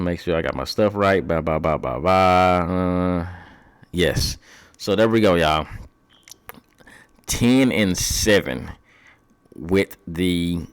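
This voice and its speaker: A man's voice: low voice, clear, resonant tone. A young man hosting a podcast, chatting loosely through sports predictions in slangy, profane talk, thinking aloud as he goes. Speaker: podcast host.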